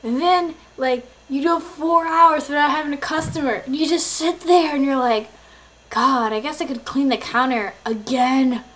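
A woman's voice: high voice, normal speed, a bit bright. A nineteen-year-old woman vlogging, chatty and rambling with lots of "like" and giggles. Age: young adult. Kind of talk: casual chat to camera.

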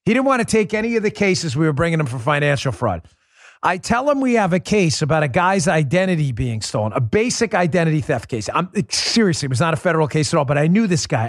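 A man's voice: high voice, no room sound, studio quality. A middle-aged man hosting a podcast, giving an emphatic, conversational opinion monologue and repeating points for stress. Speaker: podcast host.

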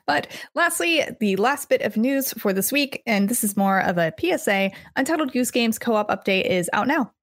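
A woman's voice: fairly high pitch, animated, normal speed, hardly any pauses, dry recording. Woman doing game news on a podcast, upbeat, dry close sound. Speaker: podcast host. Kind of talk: casual news rundown.

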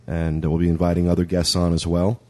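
A man's voice: sits low, monotone, fast talker, warm tone. A man hosting a podcast in casual chat, talking in a chatty, rambling way. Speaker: podcast host.

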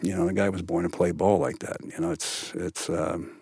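Role: older male actor guest. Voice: deep, warm. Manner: animated storyteller, frequent restarts. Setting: dry studio podcast. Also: normal speed, creaky, husky, no echo.

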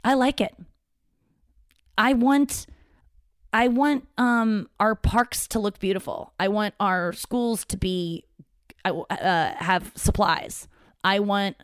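A woman's voice: medium pitch, dry recording. A young woman talking casually to her audience in a rambling, candid, self-deprecating way, swearing freely. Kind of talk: casual talking-to-camera monologue.

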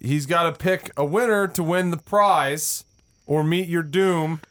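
A man's voice: a little high, a little slow, fairly bright tone. A man joking and teasing his friends during a group game, wisecracking in a casual way.

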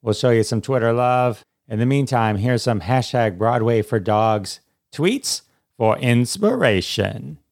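A man's voice: mid-range voice, lively intonation, unhurried, creaky, a little mellow, no echo, studio quality. A man hosting his own podcast, upbeat and enthusiastic, laughing often as he interviews and runs show segments. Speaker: podcast host.

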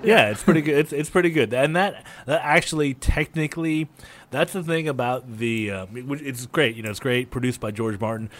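Brief: male co-host, mid-pitched, easygoing conversational delivery. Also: normal speed, a little hiss or hum. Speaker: podcast co-host. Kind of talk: casual chat.

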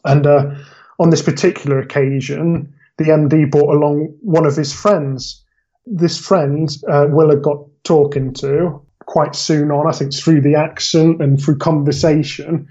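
A man telling a story on a podcast, his voice sitting a little higher than most. He rambles and restarts as he goes, in an easy, chatty way. The audio is dull and lo-fi. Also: fairly even intonation, measured pace, mellow, breathy edge. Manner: rambling, self-correcting storyteller. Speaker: podcast guest. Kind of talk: casual storytelling chat.

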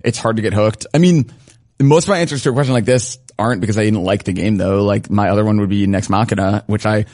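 A man's voice: lowish voice, fast, a little mellow. A young adult man co-hosting a casual podcast, rambling and laughing along. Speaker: podcast co-host.

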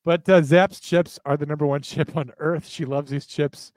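A man's voice: a little high, fairly even intonation, moderate pace, a little mellow, no room sound. Jokey man hamming up podcast ads. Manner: jokey, overplayed sales energy. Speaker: podcast co-host reading ads. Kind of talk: casual ad read in a podcast.

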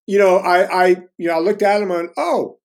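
A man's voice: high voice, level tone, fast talker. A man in his fifties, a guest telling stories in casual conversation, candid and self-deprecating, often restarting his sentences. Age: 50s.

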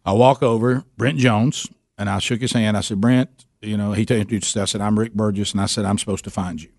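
A man's voice: on the low side, fairly even intonation, fast, vocal fry, darkish tone, no echo, clean studio sound. A middle-aged man, telling a story in a casual interview, self-deprecating and often repeating himself. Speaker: guest talking about his men's ministry.

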